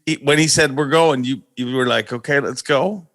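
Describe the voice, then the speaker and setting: A man's voice: mid-range voice, normal speed, a bit bright, no room sound. A man hosting a casual podcast, an amused listener who stumbles over his questions. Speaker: podcast host.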